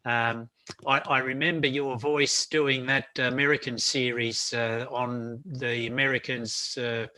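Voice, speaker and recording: Man, interviewer, halting questions, bright forceful tone. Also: mid-range voice, flat delivery. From Australia. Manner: hesitant, many fillers and restarts. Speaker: interviewer, podcast host.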